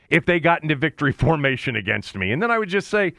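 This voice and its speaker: A man's voice: fairly high pitch, very animated, fast, creaky, few pauses, fairly bright tone, no room sound, studio quality. A man co-hosting a casual sports talk show, blunt and opinionated, cursing freely and restarting his sentences often. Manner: blunt, swears, many restarts. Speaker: podcast co-host.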